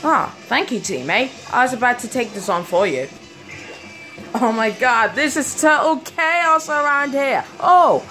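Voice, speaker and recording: A woman giving live gameplay commentary, excitable and quick to panic, exclaiming often and laughing at herself. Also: on the high side, soft background music. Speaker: gaming video host.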